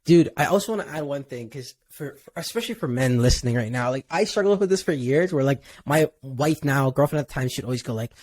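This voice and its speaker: A man's voice: medium pitch, expressive, quick pace, few pauses, darkish tone, dry recording. A man hosting a podcast, earnestly sharing personal advice with listeners. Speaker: podcast host. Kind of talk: casual podcast interview.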